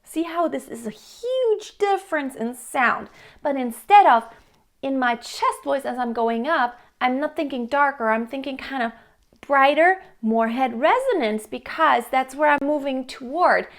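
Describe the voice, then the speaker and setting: A woman's voice: high voice, animated, a little slow. A young adult woman teaching a singing lesson, explaining plainly and breaking into short sung demonstrations. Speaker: vocal coach.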